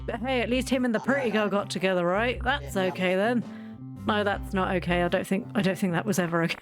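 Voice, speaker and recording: A woman's voice: mid-range voice, fast, over music. A woman chatting casually while she plays a video game, rambling and often restarting her sentences. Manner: chatty, rambling, self-interrupting. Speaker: gaming channel host. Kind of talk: casual let's-play commentary.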